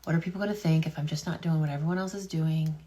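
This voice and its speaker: Rambling woman with a lowish voice. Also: steady tone, very fast, heavy background noise. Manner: rambling, wonders aloud, many fillers and restarts. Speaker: health and business content creator. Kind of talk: casual talk-to-camera vlog.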